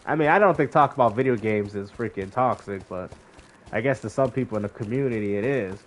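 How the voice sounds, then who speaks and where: A man's voice: mid-range voice, fairly quick, a little hiss or hum. A man casually chatting on a livestream, loose and rambling, often laughing and restarting his sentences. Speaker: streamer.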